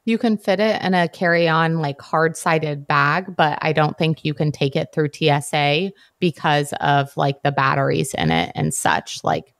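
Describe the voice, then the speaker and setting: A woman with a low voice co-hosting a casual podcast. She talks in a chatty, practical way with frequent fillers. The recording is close and dry. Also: expressive, measured pace, few pauses, dry recording. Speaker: podcast co-host.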